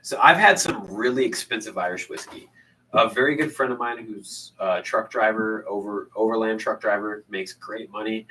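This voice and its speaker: A man's voice: on the low side, moderate pace, sharp tone. A man in a casual whiskey tasting chat at a bar, confident and opinionated, heard from a distant mic.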